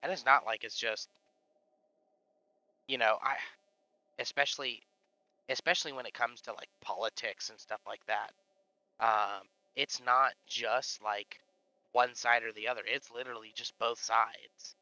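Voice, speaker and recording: A man's voice: medium pitch, fairly even intonation, measured pace, pauses often, sharp tone, no room sound, muffled recording. A man chatting casually on a live stream, rambling with lots of fillers and swearing. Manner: rambling, profane, full of fillers.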